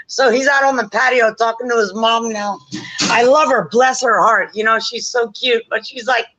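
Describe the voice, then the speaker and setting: A woman on a casual chat stream, telling stories in an animated way and acting out quotes. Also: fairly high pitch, moderate pace, poor audio. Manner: animated, laughing, acts out quotes.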